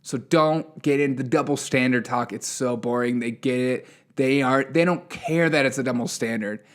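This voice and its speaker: A man's voice: mid-range voice, moderate pace. A man hosting a solo news commentary podcast, sarcastic and ranting, laughing at the headlines. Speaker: podcast host.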